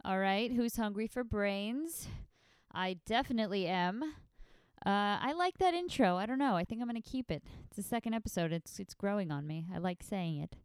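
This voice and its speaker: A woman's voice: medium pitch, expressive, fairly quick, smooth, no echo, studio quality. A woman hosting a casual solo podcast, sounding nasal from allergies, rambling in a chatty, self-deprecating way. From New York. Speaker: podcast host.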